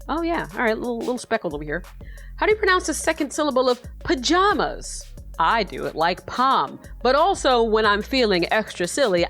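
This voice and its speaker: A woman's voice: mid-range voice, fairly bright tone. A young American woman giving casual, sarcastic commentary while she takes an online quiz, swearing freely and laughing often. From United States. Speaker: YouTuber.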